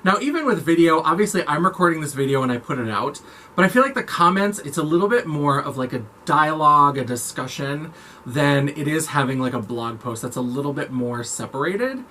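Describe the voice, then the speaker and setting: Brief: man vlogger, campy chatty delivery, bright forward tone, slightly raised pitch, faint noise under it. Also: expressive, fairly quick. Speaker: makeup vlogger. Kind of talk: casual chat to camera.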